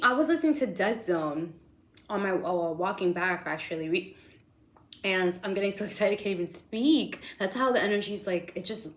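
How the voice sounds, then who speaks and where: A young woman giving a casual tarot reading, talking excitedly and rambling with lots of slang and fillers. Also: on the low side, reverberant. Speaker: tarot reader.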